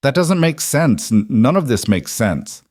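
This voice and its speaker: A man's voice: medium pitch, very animated, unhurried, a little mellow, no echo, clean studio sound, pitched above the performer's own voice. Man voicing a wary frightened frontier mother. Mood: demanding. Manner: guarded, voice rising and breaking. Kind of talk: audiobook character reading.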